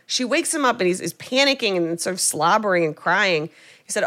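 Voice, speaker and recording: A young woman co-hosting a podcast, recapping a film in casual chat and acting out quotes with animated storytelling. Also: mid-range voice, fairly quick, vocal fry. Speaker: podcast co-host.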